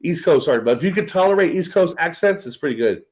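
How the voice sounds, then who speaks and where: A man's voice: fairly high pitch, animated, fast talker, a little mellow, low-quality recording. A man from California's Central Valley, co-hosting a podcast, chatting in a rambling, crude and jokey way. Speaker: co-host. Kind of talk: casual podcast chat.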